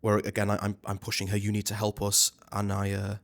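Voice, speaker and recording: A man, a stage actor, talking as a guest in a casual interview, animated and chatty with many restarts. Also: fairly low pitch, a little fast.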